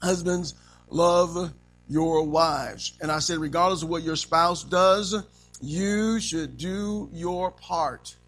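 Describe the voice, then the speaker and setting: A male preacher delivering a lively sermon, calling for amens from the congregation. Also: on the high side, slow, faint music behind, poor audio. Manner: call-and-response, animated, frequent amens.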